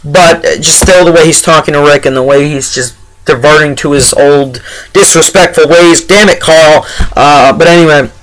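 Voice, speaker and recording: A man's voice: on the high side, steady tone, moderate pace, a bit bright, rough recording. A man giving a casual, rambling spoiler review of a TV episode, full of fillers and exasperated asides.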